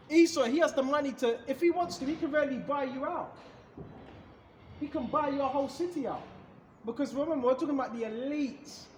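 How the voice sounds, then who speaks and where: Man preacher, very high voice, emphatic and repetitive, echoey room. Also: a little hiss or hum. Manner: emphatic, repetitive, rhetorical questions. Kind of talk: street-style scripture teaching.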